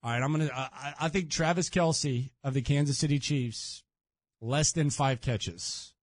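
A man's voice: a little high, normal speed, no room sound. Man, sports radio host, casual joking chat, dry studio sound. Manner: laid-back, joking, repeats himself.

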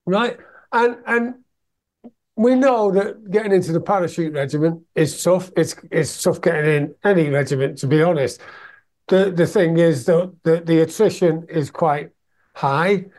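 A man's voice: on the high side, measured pace, a little mellow. A man from Scotland hosting a casual interview, chatty and enthusiastic, laughing often. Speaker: podcast host.

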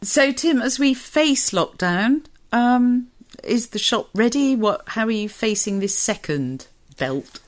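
A woman's voice: on the high side, animated, slow. A woman presenting a book show, reading a novel aloud expressively, then chatting with her co-host.

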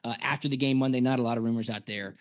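A former punter co-hosting a casual sports podcast, telling stories and acting out quotes. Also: male voice, medium pitch, racing. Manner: animated storyteller, acts out quotes.

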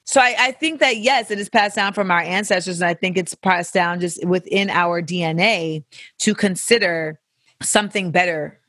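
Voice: mid-range voice, normal speed, sharp tone, dry recording, clean studio sound. A podcast host, talking casually and candidly, with profanity and playful tangents while answering listener questions. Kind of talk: casual reflective chat.

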